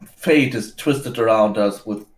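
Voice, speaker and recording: A man playing in a tabletop role-play, talking in character with hesitant, halting phrasing and frequent restarts. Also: on the low side. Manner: hesitant, many fillers and restarts. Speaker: player. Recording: roomy echo.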